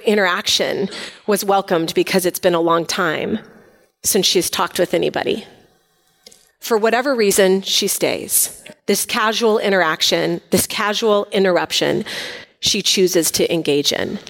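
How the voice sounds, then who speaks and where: A woman teaching a Bible passage in a chatty, animated way, acting out the quoted lines with sass. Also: medium pitch, big-room sound.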